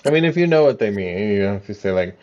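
رجل يمزح بأسلوب ساخر جاف في دردشة عفوية، بصوت منخفض قليلًا في تسجيل مكتوم. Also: male voice, on the low side, animated, fast, a little mellow, muffled recording. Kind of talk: casual chat.

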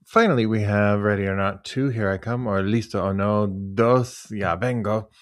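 A man hosting a podcast who chats casually, tells animated stories and jokes, and leads the segments. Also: fairly low pitch, normal speed, no echo, faint music behind. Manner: animated storyteller, doing voices, joking. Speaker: podcast host. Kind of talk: casual chat.

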